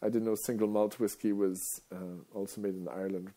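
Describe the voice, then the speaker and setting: A man's voice: fairly low pitch, fairly even intonation, brisk, dark tone. A male radio host talking in a casual, rambling monologue, wandering off topic and chuckling often.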